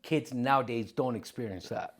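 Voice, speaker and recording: A man's voice: medium pitch, normal speed. A man co-hosting a comedy podcast, telling crude stories with lots of swearing and laughter. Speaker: podcast co-host.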